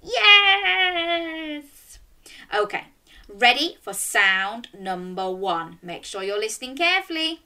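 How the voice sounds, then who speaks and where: A young woman reading a children's story aloud and running games, speaking directly to young children in an animated way. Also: medium pitch, normal speed, a little hiss or hum.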